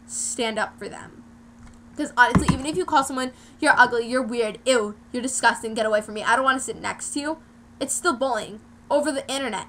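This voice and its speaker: A woman's voice: a little high, fairly bright tone, a little hiss or hum, rough recording. A teenage girl from the United States telling a rambling, heartfelt story in a personal vlog, full of "like"s. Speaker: vlogger.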